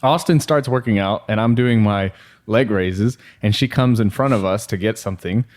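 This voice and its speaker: Man, young adult, podcast co-host, casual storytelling, profane, animated. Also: fairly low pitch, normal speed.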